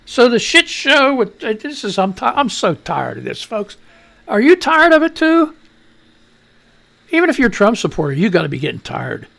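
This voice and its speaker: A wheezing man with a high, gravelly voice hosts a live radio news show. His pitch swings widely as he rambles through exasperated, sarcastic commentary. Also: huge pitch swings, normal speed, a bit bright. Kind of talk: casual political commentary.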